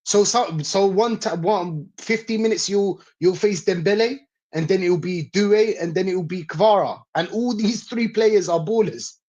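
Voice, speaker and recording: High husky insistent football fan. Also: male voice, unhurried, hardly any pauses, a little mellow. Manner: insistent, repeats points emphatically. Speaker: guest pundit. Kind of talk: casual football chat stream.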